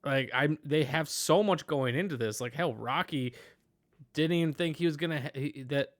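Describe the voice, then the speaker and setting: A man's voice: on the high side, normal speed. Man in a casual movie chat. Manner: animated, rambling with restarts and fillers. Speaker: podcast host.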